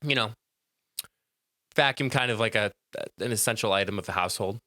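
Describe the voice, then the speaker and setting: A man's voice: on the low side, brisk, bright, forceful tone, no echo, clean studio sound. A man co-hosting a comedy podcast in casual chat, playful and giggly, laughing often. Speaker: podcast co-host.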